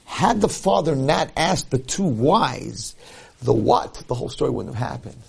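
A man's voice: mid-range voice, moderate pace, creaky, husky. A rabbi telling a story during a Torah lecture, acting out the people in it and repeating his key points for emphasis. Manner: animated, acts out the people in his stories.

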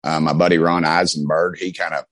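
A middle-aged man with a bass voice talks briskly in a level, slightly bright tone, with no echo. The Knoxville, Tennessee congressman, carrying an East Tennessee Southern accent, rambles through folksy stories in a casual interview, frequently restarting.

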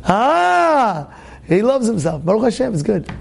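A man, a rabbi, tells stories in a spirited Torah class, repeating phrases and bursting into shouts for emphasis. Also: on the high side, moderate pace, creaky, breathy edge. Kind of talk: spirited storytelling sermon. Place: classroom with students.

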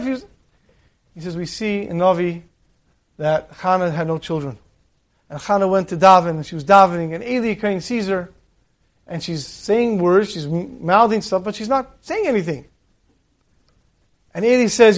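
High-voiced man telling a story sermon. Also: brisk, pauses often. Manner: animated storyteller acting out characters' voices. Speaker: rabbi. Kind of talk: sermon with told stories.

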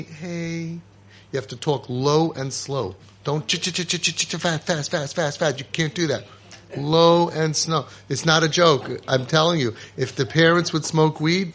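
A man giving a casual spoken lecture as a parenting coach. He talks emphatically, repeats himself, restarts often and acts out quick exchanges. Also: medium pitch, gravelly, fairly bright tone. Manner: emphatic and repetitive, with many restarts and quick asides; acts out short exchanges between parents and kids.

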